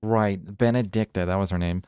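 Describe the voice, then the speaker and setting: A man's voice: deep voice, steady tone, moderate pace, darkish tone, clean tone, no echo, studio quality. A male streamer giving let's play commentary, musing and reading game lore aloud with small stumbles into a desk microphone at home.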